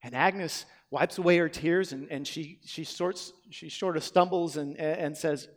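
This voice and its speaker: Preacher guy telling a story in a sermon, fairly high voice, lots of hall echo, goes loud then hushed. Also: a little slow. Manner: dramatic storytelling, big swings between loud and hushed. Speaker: pastor.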